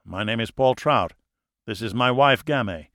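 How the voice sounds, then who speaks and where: A man voicing a steady, wry male researcher who speaks in an even, matter-of-fact way. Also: medium pitch, unhurried, dry recording, studio quality.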